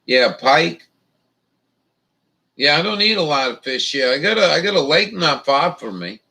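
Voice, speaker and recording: A man's voice: on the high side, sing-song, moderate pace, pauses often, sharp tone, recorded from a distance, poor audio. A man hosting a casual chat, rambling and swearing a lot, with many fillers. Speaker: livestream host.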